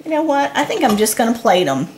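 A woman's voice: on the high side, very animated, quick pace, heavy background noise. A woman hosting a casual cooking demonstration at home, chatty and enthusiastic as she cooks and tastes. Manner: chatty and enthusiastic, talks while eating. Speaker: cooking show host. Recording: echoey kitchen with clattering dishes. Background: clattering pots and dishes.

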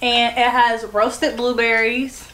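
A woman's voice: a little high, completely flat delivery, takes it slowly, a bit bright. A woman co-hosting a casual eating show, chatting and laughing as she plugs the show. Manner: laughing, chatty promo talk. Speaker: co-host. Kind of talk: casual chat while eating. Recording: echoey room with faint noise.

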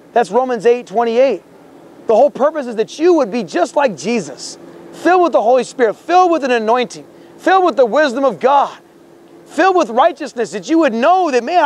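A male street preacher with a strikingly high-pitched voice, preaching outdoors on a campus. He talks fervently and confrontationally, stacking scripture quotes and stumbling into repeated words as he presses his point. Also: darkish tone. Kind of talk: confrontational open-air preaching.

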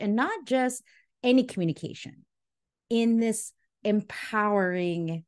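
A woman relationship coach chats as a podcast guest, telling stories with lots of energy and a frequent laugh. Her voice sits at a middling pitch for a woman. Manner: animated storyteller, laughs often. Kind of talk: casual interview talk.

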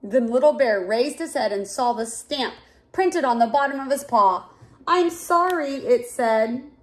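A woman reading a children's picture book aloud in a clear, expressive way. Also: fairly high pitch, measured pace. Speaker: storyteller.

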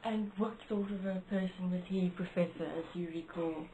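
A woman's voice: fairly low pitch, fairly even intonation, moderate pace, warm tone, dull audio, slight background noise. A woman interviewing an older man, asking questions and prompting him with brief affirmations. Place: library room.

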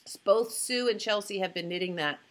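A woman's voice: medium pitch, fairly quick, fairly bright tone. Chatty woman announcing giveaway winners. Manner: chatty, upbeat, with fillers. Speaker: podcast co-host.

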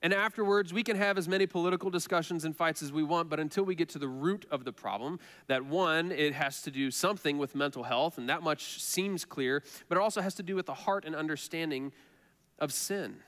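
A man's voice: a little high, a little fast, a bit bright. Earnest male pastor preaching in a reverberant hall. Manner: earnest, conversational preaching with repeated phrases. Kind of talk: sermon. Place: church sanctuary.

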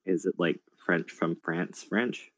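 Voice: deep voice, fairly even intonation, slow pace, highs cut off. A player in a tabletop role-playing game, talking in a playful, hesitant way.

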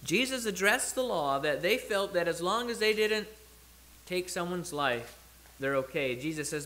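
A man delivers a sermon in a church, with a fairly high, bright and forceful voice. He talks it through like a conversation, stopping to restart or correct himself as he thinks out loud. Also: expressive, moderate pace. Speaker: preacher.

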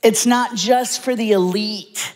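A woman, preaching a humorous, lively sermon in a church sanctuary with dramatic pauses. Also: on the high side. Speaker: guest preacher. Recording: long hall reverb.

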